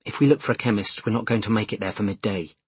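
A man's voice: lowish voice, fast, darkish tone, husky, no room sound. A man voicing a tense adult driver who keeps his strain in check, speaking in short, clipped lines in an audiobook. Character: tense adult man driving, trying to stay calm.

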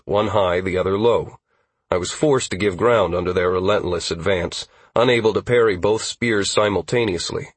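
A man narrating a fantasy audiobook in a steady, even storytelling manner on a close studio mic. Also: fairly low pitch, husky, no room sound.

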